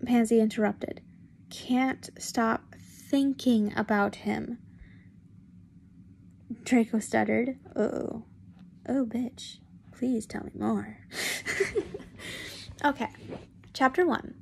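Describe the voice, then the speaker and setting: A woman's voice: on the high side, fairly even intonation, creaky, darkish tone, slight background noise. A young woman casually reading fanfiction aloud, stumbling over words and restarting lines as she goes. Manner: halting, stumbles and restarts often. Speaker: fanfiction reader.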